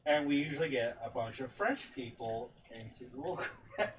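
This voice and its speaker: A man's voice: medium pitch, animated, moderate pace. A man co-hosting a casual podcast, laid-back and joking, reading out listener comments. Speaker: podcast co-host. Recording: distant mic with faint background noise.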